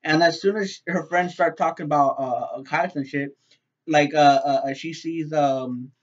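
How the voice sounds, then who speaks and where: Brief: a man with a slightly high voice, casual TV-recap vlogger, halting and filler-heavy, recorded on a dull lo-fi mic. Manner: rambling, halting, many fillers and repeated words; loose and profane. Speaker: TV episode reviewer. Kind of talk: casual spoken review.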